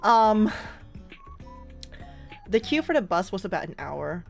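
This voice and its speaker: A woman streamer telling a story in casual chat, animated and laughing often. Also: medium pitch, slow, vocal fry, faint music behind.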